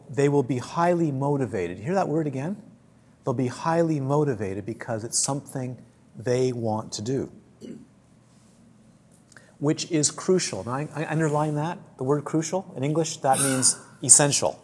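A man's voice: mid-range voice, expressive, a little slow, darkish tone, breathy edge. A man who teaches dharma, giving a talk to a group in a chatty storytelling way, often repeating and restarting his words.

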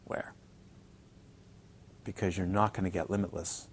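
A man teaching a dharma talk to retreat students, playful and animated, repeating words for emphasis and mimicking his students. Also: low-pitched, a little slow, slight background noise. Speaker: Buddhist teacher. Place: retreat centre teaching hall.

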